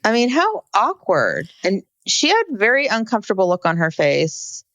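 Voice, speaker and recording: A woman's voice: mid-range voice, wildly swooping pitch, normal speed, fairly bright tone, no echo. A woman co-hosting a podcast in casual chat, giving wry, skeptical commentary. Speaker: podcast co-host. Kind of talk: casual chat recapping a reality show.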